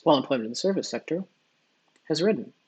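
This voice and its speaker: A man working through practice test questions out loud, half-reading and mumbling his reasoning as he goes. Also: on the high side, expressive, fast talker, slightly rough, poor audio. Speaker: test-taker and tutor. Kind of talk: think-aloud practice test, muttering while reading.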